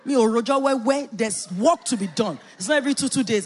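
A middle-aged woman pastor preaching a sermon, emphatic and animated, with playful asides. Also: on the high side, fairly quick.

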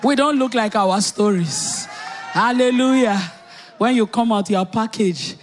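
A middle-aged woman with a Nigerian accent preaches from the pulpit, weaving a personal story into her sermon. She tells it with animated energy, breaking into loud exclamations and rising cries. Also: on the high side, a little slow, a little hiss or hum.

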